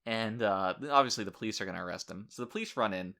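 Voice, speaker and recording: A man hosting a casual podcast chat, telling animated stories with crude, irreverent humor. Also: fairly low pitch, fast, creaky. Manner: animated storyteller, acting out quoted people. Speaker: podcast host.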